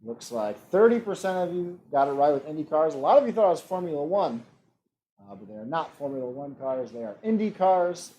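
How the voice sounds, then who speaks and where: A man hosting an online trivia game. He reads out multiple-choice questions and adds relaxed joking asides. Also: on the high side, fairly quick, a little hiss or hum. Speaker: trivia quiz host.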